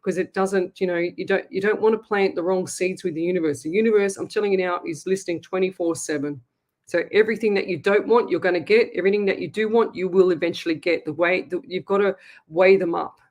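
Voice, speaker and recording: An Australian woman hosts a live psychic call-in show. She talks in a chatty, animated way and slips easily into personal stories. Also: on the low side, quick pace. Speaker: psychic medium host.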